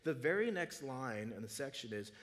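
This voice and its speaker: A man preaching a sermon in a church, talking casually with restarts, then swelling from quiet low asides to loud, high, urgent peaks. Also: big pitch swings, normal speed. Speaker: pastor. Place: church sanctuary.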